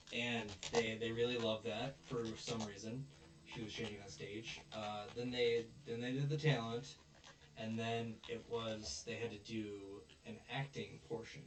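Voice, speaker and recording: A man's voice: medium pitch, unhurried. A man casually recapping a show episode, acting out the characters' lines as he retells scenes. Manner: retells scenes with animated quoted voices. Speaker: podcast co-host. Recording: roomy echo, distant mic.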